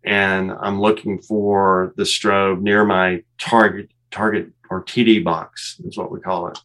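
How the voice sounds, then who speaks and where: A man, a former fighter pilot, calmly explaining cockpit footage step by step and laughing at himself now and then. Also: low-pitched, measured pace, rough recording. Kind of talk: walking through cockpit footage.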